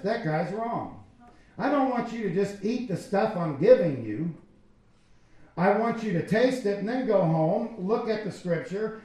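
High-voiced pastor in an echoey church. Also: male voice. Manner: animated, conversational preaching with acted-out quotes. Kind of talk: sermon.

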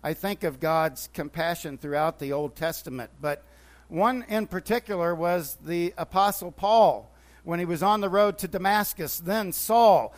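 A man's voice: sits high, unhurried. A man teaching from the Bible, retelling scripture stories with quoted dialogue and frequent restarts. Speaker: preacher.

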